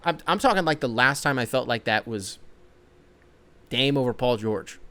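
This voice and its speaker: A young man hosting his own solo sports podcast, rambling and swearing, jumping between excited outbursts and low grumbling. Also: normal speed. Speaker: podcast host.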